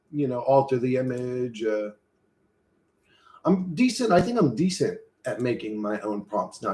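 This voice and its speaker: A man streaming live, chatting casually and rambling with lots of swearing and laughter. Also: medium pitch. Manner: rambling, profane, laughs often. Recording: echoey room.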